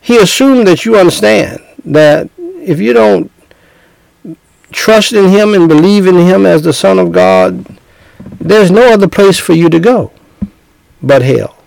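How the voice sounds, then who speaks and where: A man's voice: high-pitched, animated, measured pace, vocal fry, darkish tone, no echo, rough recording. A man preaching an evangelistic sermon, speaking earnestly and directly to the listener and leading a prayer phrase by phrase.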